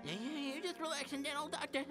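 A man's voice: very high voice, fairly even intonation, fast talker, over loud music. A man voicing a bumbling, eccentric old village doctor in a video game cutscene, stammering and dithering fussily.

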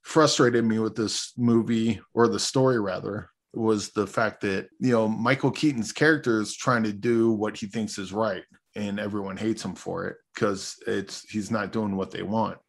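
A man's voice: on the low side, fairly even intonation, normal speed. A man co-hosting a podcast, rambling in a laid-back way through his movie opinions and swearing casually. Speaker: podcast co-host. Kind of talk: casual movie review chat.

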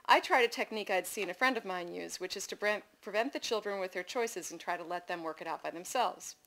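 A middle-aged woman reads her own family stories aloud at a literary event. She keeps it lively, slips into amused asides to the room, and raises her pitch when she voices her children. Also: brisk, low-quality recording. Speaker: author reading from her memoir. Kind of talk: live reading of personal essays. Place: festival reading event before an audience.

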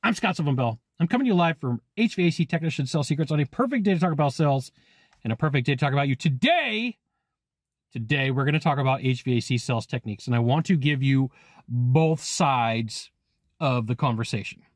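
A man hosting his own channel, giving an energetic sales-training talk straight to the viewer, punctuated by frequent "okay?" checks. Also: mid-range voice, quick pace, no room sound, studio quality. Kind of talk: animated solo teaching talk to camera.

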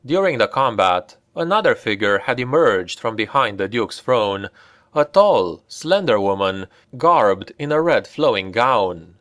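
A man narrating a dark fantasy audiobook in a slow, deliberate and dramatic way. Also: lowish voice, very animated, no echo, studio quality.

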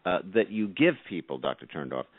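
A man's voice: low-pitched, sing-song, brisk, no room sound. A man hosting a radio call-in show, talking in long rambling sentences with many restarts. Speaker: radio host. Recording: dry tinny phone-like sound.

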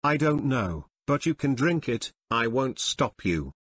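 Casting: man voicing plotting chef owner, flat amateur read, dry close sound. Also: medium pitch, unhurried, slightly rough, no echo, full character voice. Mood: scheming. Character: scheming male restaurant owner chef.

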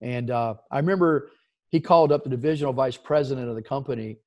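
A middle-aged man from the East Coast of the United States, a guest telling an animated story in a casual interview and acting out the voices of the people in it. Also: mid-range voice, fast, dull audio.

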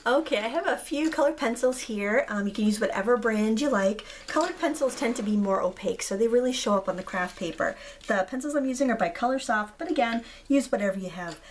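Craft tutorial host: woman, 30s, slightly hoarse, chatty and relaxed, faint noise behind. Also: a little high, brisk, hardly any pauses. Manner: chatty, relaxed, frequent ums. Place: indoors at a craft table.

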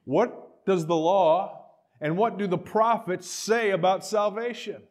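A middle-aged male pastor preaching a sermon, animated, acting out quoted voices and dropping to quiet asides. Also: sits high, slow.

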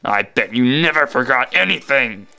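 A man's voice: medium pitch, expressive, moderate pace, vocal fry, bright, forceful tone, heavily acted. A man voicing a boastful male space pirate villain from a video game, reading the lines with theatrical gloating.

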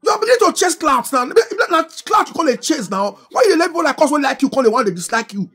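A middle-aged woman with a Nigerian Pidgin English accent, delivering impassioned political commentary in an animated, scolding way, full of rhetorical questions. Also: sits high, fast talker. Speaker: social media commentator.

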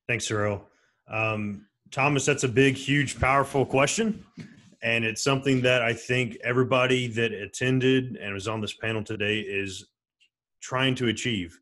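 A man speaking as a panelist in a video-call discussion, earnest and measured as he reflects on listening. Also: medium pitch, fairly even intonation, a bit bright.

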